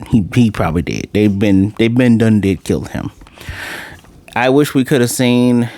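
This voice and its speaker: A man giving a casual, animated episode review, ranting and acting out the characters' lines as he goes. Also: lowish voice, dry recording. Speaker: anime reviewer.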